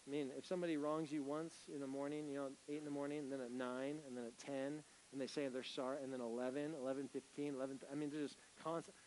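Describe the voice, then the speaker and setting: A man preaching a sermon as pastor, swinging from loud, emphatic bursts to hushed, gentle lines. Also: medium pitch, level tone, fast, few pauses, a little hiss or hum, low-quality recording.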